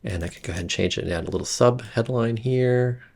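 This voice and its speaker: A man giving a casual screen-recorded software tutorial, rambling with frequent fillers and restarts. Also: mid-range voice, quick pace, creaky. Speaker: instructor demonstrating software.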